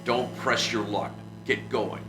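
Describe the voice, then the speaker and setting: A man's voice: mid-range voice, steady tone, slow pace, noisy background, close to an everyday voice. A man reading the lines of a menacing foreign stranger of about thirty who snaps curt threats. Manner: curt, snarling orders. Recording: roomy echo with music behind.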